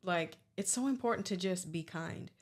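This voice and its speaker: Woman podcast host chatting away, kinda low voice, super earnest. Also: normal speed. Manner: chatty, earnest, calls guest "girl". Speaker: salon owner. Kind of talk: casual chat.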